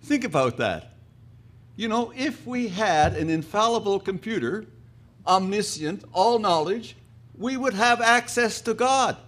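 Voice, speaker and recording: A man's voice: sits high, animated, unhurried, fairly bright tone. A man from Newfoundland telling humorous stories at a conference, folksy and repeating his words. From Newfoundland, Canada. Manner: folksy, repeats words, laughs at own jokes. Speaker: conference speaker. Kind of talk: humorous storytelling.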